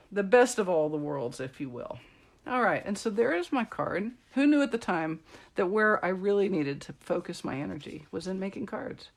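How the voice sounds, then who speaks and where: A middle-aged woman with a fairly low, gravelly voice demonstrates card-making in a live-streamed craft tutorial, chatting and joking with viewers as she shows how to make a card.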